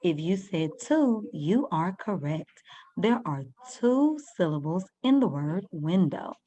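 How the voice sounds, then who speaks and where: Slow, patient woman teaching first graders. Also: fairly low pitch, sing-song, warm tone. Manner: slow, patient, sounding out words for children. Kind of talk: first-grade reading lesson.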